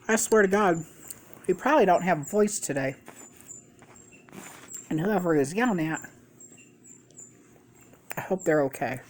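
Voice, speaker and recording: A middle-aged woman vlogger telling a rambling, gossipy story in a casual way, swearing freely. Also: on the low side. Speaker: mukbang vlogger.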